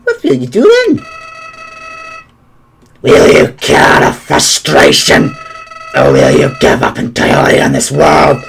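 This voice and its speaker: A man's voice: wildly swooping pitch, takes it slowly, gravelly, pauses often, fairly bright tone, slightly rough, exaggerated voice. A man voicing a sinister, mocking little flower creature with a taunting sing-song manner. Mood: menacing taunting. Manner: taunting, sing-song, swinging wildly in pitch.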